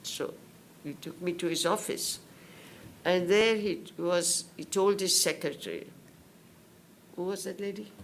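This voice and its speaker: An older woman from India giving spoken testimony at a public hearing, telling her story slowly and in detail and acting out what others said. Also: lowish voice, slight background noise. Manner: slow, detailed storytelling that acts out others' words.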